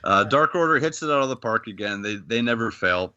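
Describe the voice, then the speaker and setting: A man's voice: fairly low pitch, expressive, fairly quick, pushed and bright, no room sound, lo-fi sound. A man from Canada hosting a casual podcast, retelling scenes and quoting lines with frequent laughs. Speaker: podcast host.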